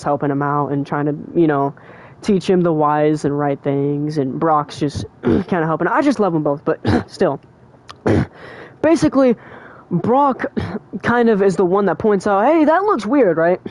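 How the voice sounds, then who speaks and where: A young adult streamer talking casually and emotionally, full of fillers like "like" and "bro". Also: mid-range voice. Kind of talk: casual livestream chat.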